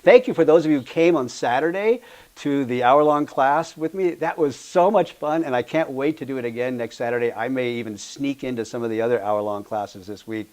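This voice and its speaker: A man teaching tai chi, talking casually and warmly to his class, with easy laughs. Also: medium pitch, a little fast. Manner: gentle, heartfelt, laughs easily. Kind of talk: casual talk and storytelling to a class.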